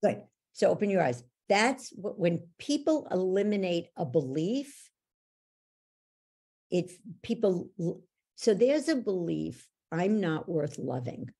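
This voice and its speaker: A woman coach guiding a guest through a belief exercise with direct, steady questions. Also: medium pitch, takes it slowly, slightly rough.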